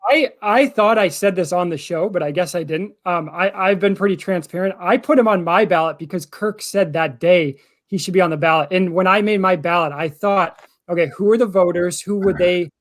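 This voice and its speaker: A man on a podcast calmly lays out his reasoning in a slightly sheepish way. His voice sits fairly high for a man. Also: brisk, hardly any pauses. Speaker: podcast co-host. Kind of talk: casual podcast chat.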